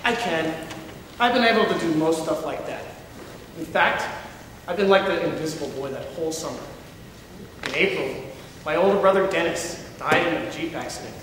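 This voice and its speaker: A man's voice: a little high, normal speed, pauses often, a bit bright, recorded from a distance, a little hiss or hum. Young man narrating in an echoey hall. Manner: reflective first-person narration. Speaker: performer. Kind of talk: dramatic reading of a story.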